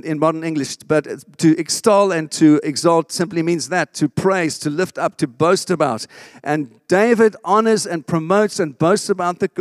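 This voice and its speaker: A man's voice: a little high, no echo, clean studio sound. A man preaching a sermon, emphatic, often asking the congregation for an amen. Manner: emphatic, asks the congregation for response. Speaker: pastor.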